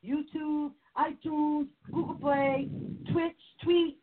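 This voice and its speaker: A woman's voice: sits high, little pitch movement, takes it slowly. A woman hosting a show, upbeat in casual banter. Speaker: host. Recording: tinny phone line with crowd noise.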